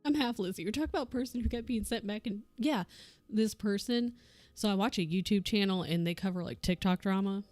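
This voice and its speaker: A woman's voice: mid-range voice, brisk, a little mellow, dry recording, faint music behind. A young woman streamer chatting casually while she crafts, telling a rambling story and laughing often. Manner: laughs often, rambling anecdote with acted quotes.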